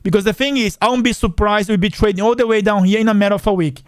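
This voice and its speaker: A man who speaks English as a second language hosts a casual finance stream with a high, smooth voice. He chats and repeats himself, addressing his viewers directly. The sound is dry and close to the mic. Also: fast, no echo. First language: not English. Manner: chatty, repetitive, addresses viewers as guys. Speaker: finance channel host. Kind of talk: casual livestream chat reading comments.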